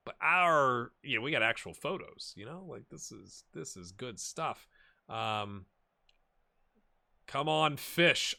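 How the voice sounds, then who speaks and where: Male gaming YouTuber, mid pitch, bright and animated, chatty and rambling, talks over his own game. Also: slow, vocal fry. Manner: chatty, rambling, bursts of excitement at goals. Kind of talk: casual let's-play commentary.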